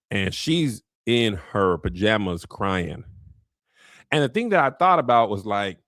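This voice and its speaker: A man's voice: mid-range voice, dry recording. A man giving a comedic recap of a TV episode, telling it as a story and acting out the characters in slangy voices, recorded in a studio. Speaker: show recap host. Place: podcast studio. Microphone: studio mic.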